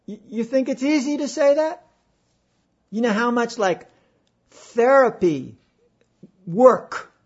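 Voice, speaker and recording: A man giving a reflective spiritual talk, halting and emphatic, with pauses and repeated phrases. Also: sits high, dull audio. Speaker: spiritual speaker.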